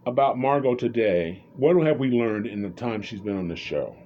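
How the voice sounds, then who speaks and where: A man's voice: mid-range voice, darkish tone, muffled recording, slight background noise. A man commenting on reality TV in a casual, rambling, opinionated way, often restarting his sentences.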